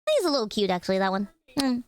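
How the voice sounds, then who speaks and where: A woman's voice: mid-range voice, big pitch swings, rapid-fire, clean tone, no echo. A young woman livestreaming, chatting casually with her viewers, swearing freely and giggling. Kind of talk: casual reaction stream chat.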